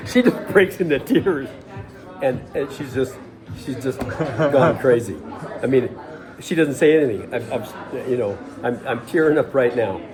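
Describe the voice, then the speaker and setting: A man telling a casual, emotional story in a halting way, often repeating his words. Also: medium pitch, expressive. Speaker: storyteller recounting a school visit. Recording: crowd chatter and music behind.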